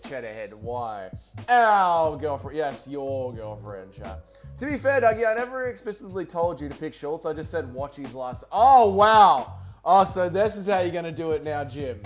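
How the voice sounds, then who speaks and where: A man's voice: on the high side, sing-song, a little fast, over music. An Australian man hosting a casual livestream, reading chat and bantering with viewers, with plenty of swearing and jokes. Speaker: livestream host.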